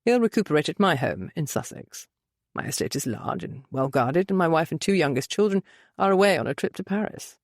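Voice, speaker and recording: A woman voicing a calm, commanding older male duke who speaks flatly and with dry authority. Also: low-pitched, fairly quick, no room sound, voice pushed down.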